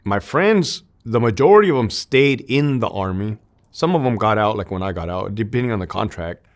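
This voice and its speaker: A man's voice: on the low side, lively intonation, normal speed. A man in his thirties, an army veteran, speaking as an interview guest in candid, emotional conversation, with a lot of "dude" and "like" and some swearing.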